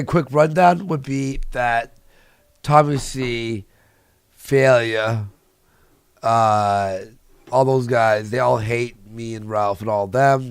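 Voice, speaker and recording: Gravelly guy hosting a livestream, crude jokey banter, dry close mic. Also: medium pitch, dry recording. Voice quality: gravelly, crude and joking, laughs often. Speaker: livestream host.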